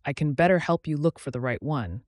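A man reading the part of a friendly, talkative older motorcycle salesman in a story, with an easy sales-pitch manner. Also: lively intonation, a little fast, a little mellow, no echo, natural voice. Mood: chatty.

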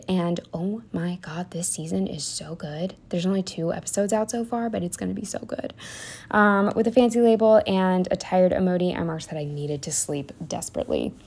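Chatty young woman, lower voice. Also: darkish tone. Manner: chatty, rambling, frequent ums and likes. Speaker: planner vlogger. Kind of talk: casual voice-over narration of a planner spread.

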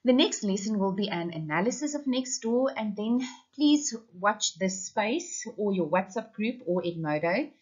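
Expressive woman teacher reading aloud. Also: medium pitch, husky. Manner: expressive, measured. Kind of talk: reading a story aloud for an online class. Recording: muffled lo-fi recording.

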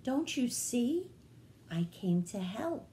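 A woman voicing a gentle, apologetic small male bat in a children's read-aloud, humble and pleading. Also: on the high side, sing-song, slow pace, a little hiss or hum, voice pushed up.

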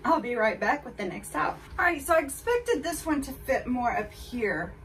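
A chatty woman talking straight to her viewers as she tries on clothes. Her voice sits a little high for a woman. She is a bit away from the mic, with faint noise in the background. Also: expressive, normal speed, fairly bright tone, far from the mic, low-quality recording. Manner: chatty, candid, addresses viewers directly. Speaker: fashion haul vlogger. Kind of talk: casual try-on haul chat.

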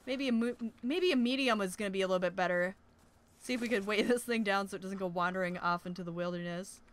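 With a mid-range voice and a quick pace, a young woman who makes gaming YouTube videos comments on her survival game playthrough, shrieking in panic at danger and chatting casually in between.

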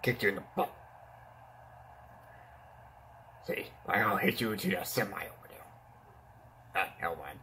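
A man's voice: low-pitched, normal speed, pushed and bright, slight background noise. A man voicing a boastful, whiny male clown villain in a toy-figure fan play, pleading and taunting by turns and yelping in pain.

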